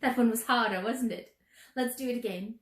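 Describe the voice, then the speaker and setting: High gentle lady singing along slowly with kids, echoey room, soft music behind. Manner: gentle, encouraging, sings show tunes and yodels. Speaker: sing-along leader. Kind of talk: singing and teaching a children's sing-along.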